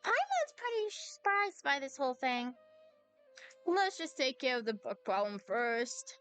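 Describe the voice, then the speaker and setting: A woman's voice: high voice, sing-song, measured pace, fairly bright tone, soft background music, heavily acted. A woman reading the lines of a small chirpy fairy companion aloud while playing a game. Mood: cheerful.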